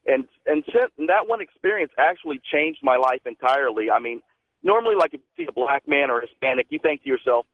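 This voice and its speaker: A man's voice: mid-range voice, expressive, quick pace, no echo. A man from Texas calling in to a radio show and telling a story earnestly. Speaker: caller. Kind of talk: call-in storytelling. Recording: phone line.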